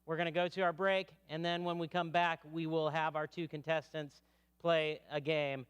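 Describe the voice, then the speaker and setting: A man announcing a break at a party show, relaxed with many fillers. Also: on the high side, normal speed, clean tone, dull audio. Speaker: event host. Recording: long hall reverb.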